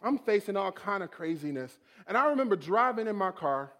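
Animated high-voiced man preaching. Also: fairly quick. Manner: animated storytelling, acting out his own prayers. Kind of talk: sermon testimony.

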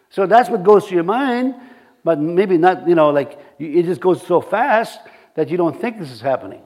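A middle-aged man preaches in a loose, rambling way, stumbling through restarts and fillers. His voice sits high for a man, and he drops in folksy asides with a chuckle. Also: expressive, a little mellow. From reservation community. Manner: halting, many restarts and fillers. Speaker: pastor. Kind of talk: sermon.

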